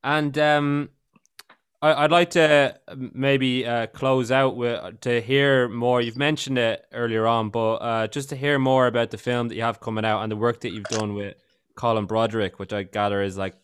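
A man's voice: medium pitch, fairly even intonation, normal speed, clear, resonant tone, no echo, studio quality. A man hosting a podcast, asking questions in a casual, hesitant way with many fillers. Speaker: podcast host.

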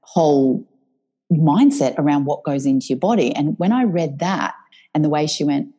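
Low husky woman, emotional. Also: moderate pace, rough recording. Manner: emotional, animated, swears freely. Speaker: guest. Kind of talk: candid personal storytelling.

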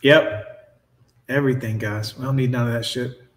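A man in his forties hosts a casual reaction stream, responding to videos in a blunt, sarcastic, profane way. His voice is medium-pitched and fairly bright, with fairly even intonation and a moderate pace. The room sounds echoey.

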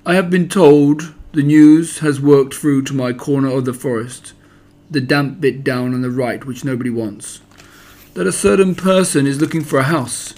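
A man voicing a gloomy, solemn old male donkey in a storybook reading, speaking slowly in a husky voice. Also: medium pitch, darkish tone, lightly acted. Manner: slow, drawn-out, self-important speech. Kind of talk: storybook character voice.

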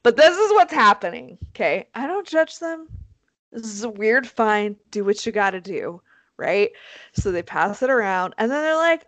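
Woman gabbing on a podcast, kinda high voice, animated and sweary, pokes fun at herself. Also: normal speed, no room sound, rough recording. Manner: animated, profane, self-mocking. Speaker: podcast co-host. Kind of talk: casual storytelling chat.

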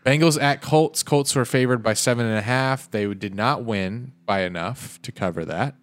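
A man co-hosting a podcast, chatting casually about football, quick and joking. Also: medium pitch, dry recording. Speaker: podcast co-host. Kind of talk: casual sports chat.

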